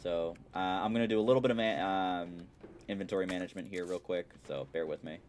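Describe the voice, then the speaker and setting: Low-voiced male gaming streamer, chatty play-by-play with jokey asides, steady noise underneath. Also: fast talker. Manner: chatty, explaining strategy with playful asides. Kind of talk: casual game commentary.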